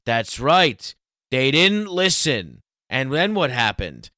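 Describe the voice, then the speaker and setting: A man's voice: mid-range voice, very animated, no echo, studio quality, heavily acted. A man mimicking a pushy male Catholic priest who fires leading questions at a child. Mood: coaxing. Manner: rapid, loud, leading questions.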